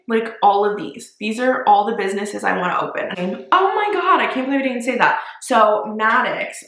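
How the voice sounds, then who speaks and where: A chatty young woman talks straight to camera in a casual vlog, packing her sentences with "like" and the odd swear word. Her voice is bright and sharp, and it carries a roomy echo from the space around her. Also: medium pitch. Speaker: small business owner.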